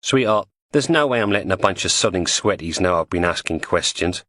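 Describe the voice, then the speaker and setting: A man's voice: low voice, lively intonation, fairly quick, sharp tone, no echo, studio quality. A man voicing a bossy, volatile woman crook with an Estuary English accent, breezy and mocking.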